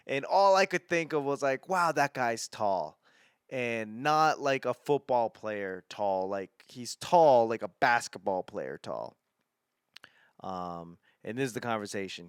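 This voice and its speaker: A man in his thirties with a smooth, resonant voice tells a story in loose comic style. He swears freely and breaks off mid-sentence to restart it. The sound is close and dry, with no room around it. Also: mid-range voice, no echo. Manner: rambling, profane, self-interrupting. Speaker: stand-up comedian hosting his podcast. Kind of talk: casual comedic storytelling.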